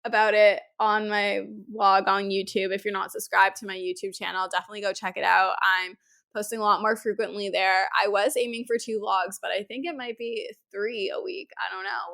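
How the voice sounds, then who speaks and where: A young woman from Canada hosting a podcast, chatting enthusiastically with lots of fillers, her voice hoarse from a head cold. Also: mid-range voice, pushed and bright. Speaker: podcast host. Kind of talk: casual podcast chat.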